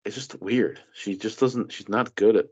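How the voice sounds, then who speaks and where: A man talks in a loose political chat, slipping into mocking impressions and swearing freely. His voice sits fairly low, and the recording sounds dull and lo-fi. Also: normal speed, husky. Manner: mocking, animated impressions, profane.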